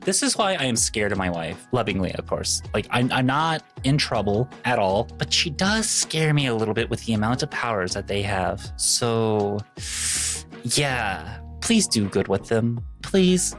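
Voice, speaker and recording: A woman's voice: a bass voice, big pitch swings, unhurried, soft background music. A young adult woman from Missouri, a VTuber streamer rambling playfully through casual commentary on memes. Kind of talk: casual meme-reaction commentary.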